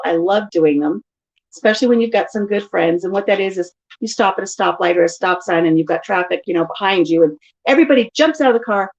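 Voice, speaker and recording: A middle-aged woman casually telling stories in an animated way during a live chat at home. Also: lowish voice, lo-fi sound. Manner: chatty, animated storytelling. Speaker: vlogger.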